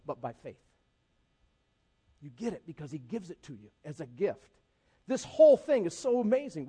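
A man preaching a lively, conversational sermon in church who acts out scripture characters. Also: sits high, husky. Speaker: pastor.

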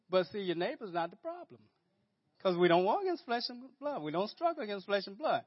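High-voiced man preaching on dull audio. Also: very animated, fairly quick. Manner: conversational preaching, frequent repeated words and restarts. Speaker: pastor. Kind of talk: sermon.

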